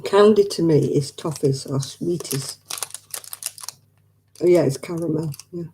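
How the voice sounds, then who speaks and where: Very mellow-voiced woman host. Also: deep voice, unhurried, a little hiss or hum. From northwest England. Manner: chatty, rambling, laughs easily. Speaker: craft livestream host. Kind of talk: casual chat with live viewers.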